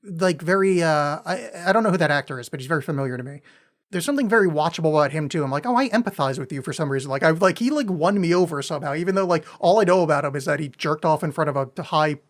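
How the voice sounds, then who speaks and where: A man co-hosting a podcast in casual chat, excitable, swearing freely and laughing often. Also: on the high side, fast talker. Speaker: podcast co-host.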